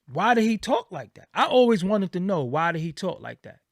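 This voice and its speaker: A man's voice: high voice, sing-song, fairly quick, no echo, studio quality. A man talking as an interviewer and commentator, giving casual opinion commentary in an emphatic, repetitive way. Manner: emphatic, repetitive, acts out quoted reactions.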